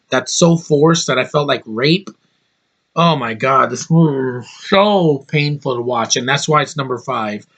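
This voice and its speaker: A man's voice: on the high side, a bit bright. A young man giving a blunt, profane movie review, full of restarts and fillers. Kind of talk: casual ranting review.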